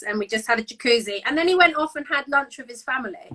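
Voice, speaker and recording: A woman's voice: a little high, lively intonation, fast talker, few pauses, pushed and bright. A young woman guest chatting on a live stream, telling stories about herself with self-mocking humour. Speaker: guest, fitness competitor. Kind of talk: casual chat. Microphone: phone, live stream.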